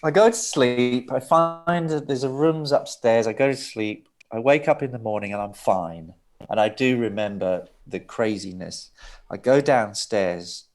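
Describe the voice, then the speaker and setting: A middle-aged man, a record producer and interview guest, telling a long, rambling anecdote and acting out the voices in it. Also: on the low side. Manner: rambling, vivid storytelling with acted-out quotes. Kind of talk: animated anecdote in a sit-down interview.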